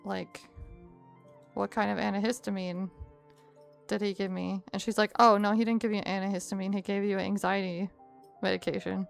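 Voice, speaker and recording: A young woman streamer telling a story to her chat in a casual, animated way with frequent laughs. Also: medium pitch, moderate pace, creaky, soft background music.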